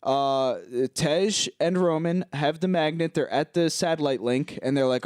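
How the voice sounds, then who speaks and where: A slightly high-voiced man co-hosting a podcast, recapping a movie with animated, laughing storytelling. He talks casually into a close mic, and the sound is dry and close with no room around it. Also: measured pace, dry recording. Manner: animated storytelling, laughs while retelling scenes. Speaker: podcast co-host. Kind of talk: casual film recap chat.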